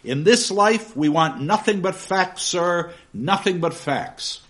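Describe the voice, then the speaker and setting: A man's voice: sits high, lively intonation, slow pace, fairly bright tone, voice pushed up, full character voice. A man reading aloud as a stern, pompous male schoolmaster obsessed with facts, in an emphatic, commanding way. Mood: lecturing. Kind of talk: dramatic reading of a novel.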